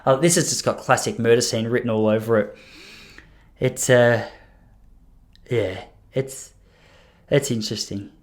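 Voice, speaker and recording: A man spins a rambling anecdote on his podcast, lively and self-deprecating. He stumbles and restarts often as he talks. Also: mid-range voice, measured pace, long pauses. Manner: animated, self-mocking storyteller, rambling with frequent restarts. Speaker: podcast host. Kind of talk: casual storytelling monologue.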